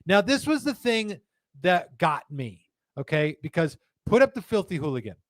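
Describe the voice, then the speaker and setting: The host of a live cigar show, a man with a high-pitched voice and big pitch swings, chats casually and jokingly at a moderate pace while reading viewer comments aloud. He's indoors in a studio room, and there's no room sound.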